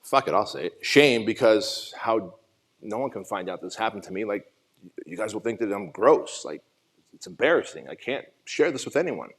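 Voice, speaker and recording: A man's voice: fairly low pitch, expressive, normal speed, fairly bright tone, husky. A man in his forties from Armenia giving an emotional, profane motivational talk at a summit, telling his own story. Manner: raw, emotional storytelling with frequent swearing. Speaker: summit speaker. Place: conference stage.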